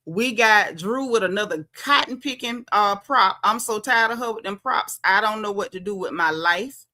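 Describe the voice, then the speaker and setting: A woman with a Southern US drawl hosts her livestream, chatting casually and sassily with her viewers. Her voice is bright and forceful, with a medium pitch, and she calls out commenters by name between opinions. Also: normal speed. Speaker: livestream host.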